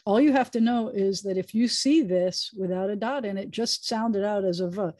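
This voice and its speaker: A woman rabbi teaching a Hebrew reading lesson over a video call, patient and chatty with playful asides, sounding out letters slowly. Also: mid-range voice, a little mellow, dry recording.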